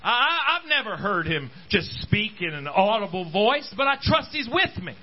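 With a high voice at a moderate pace, a pastor preaches animatedly at a church service, calling out to the congregation. The recording has its highs cut off.

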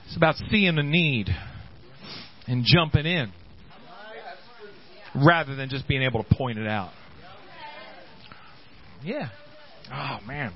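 A man preaching a sermon in a church service, building up to shouted, repeated exhortations. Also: on the high side, expressive, slow pace, pauses often, lo-fi sound. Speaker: pastor.

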